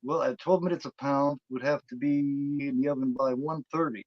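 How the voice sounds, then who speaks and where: A man retelling a film scene voices a calm, cheerful housewife who plans to cook a child, speaking matter-of-factly. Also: medium pitch, a little fast, lightly acted. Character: calm, cheerful witch-like housewife planning a meal. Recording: dull dry lo-fi recording.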